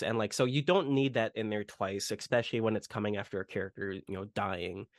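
A man's voice: lowish voice, steady tone, brisk, few pauses, no room sound, clean studio sound. A man casually retelling film scenes on a podcast, rambling with lots of fillers. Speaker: podcast host. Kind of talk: casual movie podcast chat.

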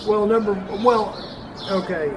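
Casting: high-pitched male co-host, profane storyteller, animated, slight background hiss. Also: unhurried. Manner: crude, animated, acts out the people in his stories. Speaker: podcast co-host. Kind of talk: casual chat, storytelling.

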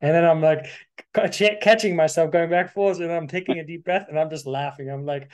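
Animated, expressive male podcast host. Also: a little high, fairly quick, clean tone, dull audio. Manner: expressive, animated, acts out inner voices. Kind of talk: conversational interview.

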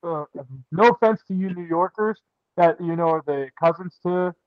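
High-voiced young man, lively podcast chat. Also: normal speed, dry recording. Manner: animated, jokey storyteller. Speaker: podcast co-host. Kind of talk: casual chat. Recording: dull, lo-fi dry sound.

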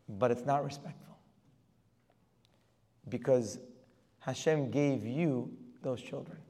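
A man teaches a religious class in a slightly high voice, moving from quiet asides to insistent, climbing emphasis. He peppers his points with rhetorical questions. The sound carries a long reverb, as in a hall. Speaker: Torah teacher. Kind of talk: religious lecture.

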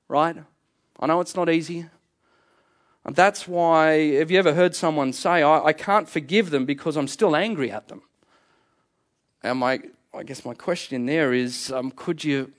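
Aussie pastor guy mid-sermon, kinda high voice, punchy and repeats stuff. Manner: emphatic, repeats phrases for effect.

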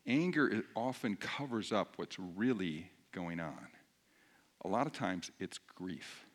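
A man preaching in a lively, conversational way, then praying quietly. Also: sits low, measured pace. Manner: animated and conversational, rising loud when preaching. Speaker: pastor. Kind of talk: sermon then quiet prayer.

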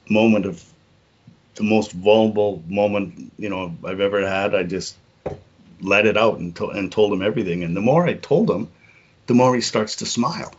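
A middle-aged man telling a personal story as a podcast guest, earnest and halting, often repeating words and saying "you know". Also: on the low side, dull audio.

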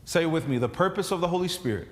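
A man preaching in a relaxed, storytelling way, often restarting his sentences as he goes. His voice sits a little higher than most men's, and it rings out with a long reverb from the church sanctuary around him. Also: racing. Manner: conversational storytelling preacher, many restarts and fillers. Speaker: pastor. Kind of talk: sermon.

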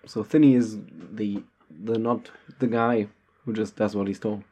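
A man with a German accent co-hosts a relaxed podcast chat in a mellow, soft-edged voice. He talks haltingly and often restarts his sentences. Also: lowish voice. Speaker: podcast co-host. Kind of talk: casual chat.

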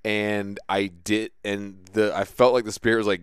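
A man's voice: on the low side, fairly even intonation, moderate pace, clean tone, no room sound, clean studio sound. A man hosting a podcast, chatting in an easygoing way with rambling asides. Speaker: podcast host. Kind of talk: casual podcast interview.

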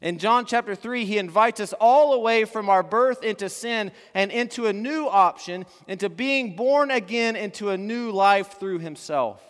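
A man preaching a sermon, building to fervent emphasis and then dropping to soft, hushed endings. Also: high-pitched, moderate pace, few pauses. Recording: long hall reverb.

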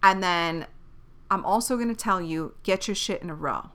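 A young woman with a bright, crisp voice hosts her podcast in a loose, rambling way. She gives blunt big-sister advice, swears casually and corrects herself as she goes. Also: lowish voice, moderate pace. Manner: chatty, rambling, self-correcting. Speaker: podcast host.

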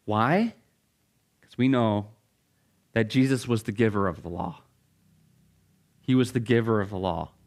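A man preaching a sermon as pastor, reading scripture, praying and then teaching with animated rhetorical questions that leap up in pitch.

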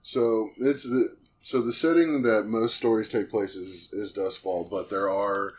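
Male podcast host with a very low voice, loose and joking, faint background hum. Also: steady tone, measured pace. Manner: joking, loose, swears casually. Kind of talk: casual podcast chat.

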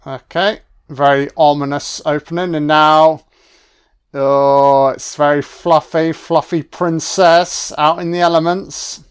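A man's voice: on the high side, steady tone, slow, smooth. A man giving a casual, wisecracking film commentary on a first watch, swearing freely and talking back at the screen. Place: home recording, voice only.

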